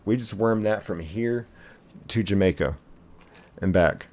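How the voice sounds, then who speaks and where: A male streamer on a live gaming broadcast, rattling off chat messages one after another in a playful, excitable way. His voice sits a little low and sounds warm and dark. He talks loosely and casually, like he's hanging out with his viewers. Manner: reads chat messages aloud in quick succession, playful and excitable; casual, uses "y'all".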